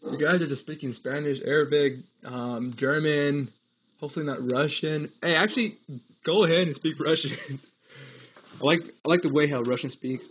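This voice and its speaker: Husky young man streaming a game. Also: fairly high pitch, normal speed, highs cut off. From United States. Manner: rambling, laughs often, reads chat aloud. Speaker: livestreamer. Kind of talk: casual live gaming stream chat.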